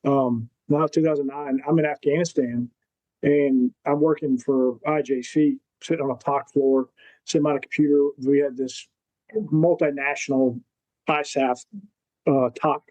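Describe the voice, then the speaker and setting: Mellow-voiced man telling war stories. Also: mid-range voice, normal speed, no room sound, poor audio. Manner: animated storyteller who acts out quotes. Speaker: podcast guest, Marine veteran. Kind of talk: casual storytelling.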